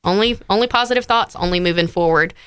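Bright, clear woman telling her story. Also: on the low side, fast talker, no room sound, studio quality. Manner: heartfelt storytelling, frequent fillers. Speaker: interview guest. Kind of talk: personal story in conversation.

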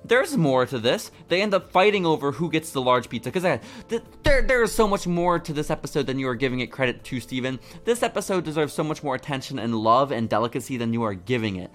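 A man's voice: medium pitch, expressive, fast talker, few pauses, fairly bright tone. A man co-hosting a podcast, reviewing a cartoon in casual, emphatic, mock-indignant chat full of swearing. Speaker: podcast co-host.

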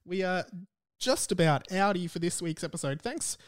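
A man's voice: high-pitched, fairly even intonation, a little fast, clear, resonant tone. A young Australian man hosting a podcast, chatty and self-mocking, laughing often and fighting hiccups. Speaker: podcast host. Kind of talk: casual podcast chat.

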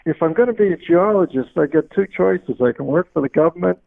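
An older man with a Boston accent, a musician guest in a radio interview, easygoing and laughing often, with halting restarts. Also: fairly high pitch, animated, gravelly. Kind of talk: casual interview chat. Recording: tinny phone line.

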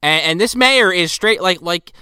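A man's voice: high voice, animated, moderate pace, sharp tone, clean tone, no echo, studio quality. A man co-hosting a casual movie-review chat, wry and nitpicking, with plenty of swearing. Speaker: podcast co-host.

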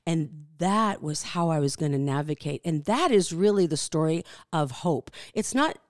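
Low-voiced woman telling a testimony. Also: expressive, no echo, clean studio sound. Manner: reflective, halting, with frequent fillers. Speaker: podcast guest. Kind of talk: personal faith story in interview.

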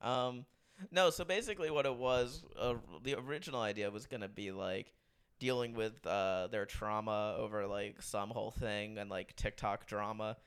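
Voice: medium pitch, steady tone, moderate pace, clear, resonant tone. A podcast producer chatting casually, hesitant and filler-heavy.

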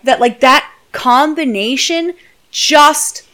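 A woman's voice: high voice, slow. A woman co-hosting a casual book podcast, gushing and acting out quotes from the book. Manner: gushing, animated, acts out quotes. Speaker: podcast co-host.

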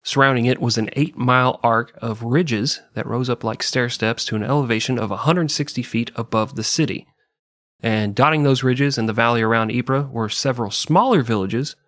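A man's voice: mid-range voice, normal speed, fairly bright tone, no room sound, clean studio sound. A man hosting a comedic history podcast, narrating with wry, profane asides. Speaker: podcast host.

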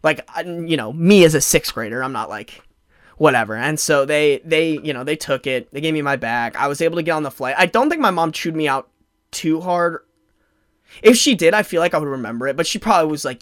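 A man's voice: on the high side, fairly quick, no echo, clean studio sound. A young man telling a story in a rambling, casual way, full of fillers and restarts. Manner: rambling, filler-heavy, animated.

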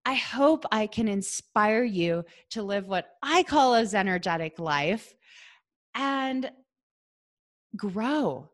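A woman's voice: medium pitch, lively intonation, takes it slowly. Chatty woman podcast host. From American Midwest. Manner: chatty and earnest, heavy use of "like". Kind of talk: casual solo podcast monologue.

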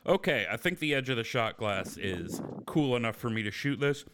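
A man's voice: medium pitch, lively intonation, moderate pace, noisy background. A man hosting a casual podcast chat, swearing freely as he explains and takes a flaming shot. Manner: swearing, explaining a drink recipe. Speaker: podcast host.

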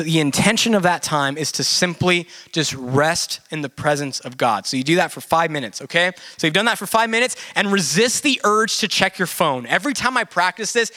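Man, a little high, bright tone, earnest, conversational church teaching. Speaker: pastor teaching a church group. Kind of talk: sermon teaching.

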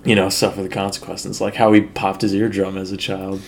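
A man's voice: sits low, monotone, brisk, gravelly, a little hiss or hum. A man co-hosting a podcast, telling chatty childhood stories and laughing often. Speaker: podcast co-host. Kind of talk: casual chat.

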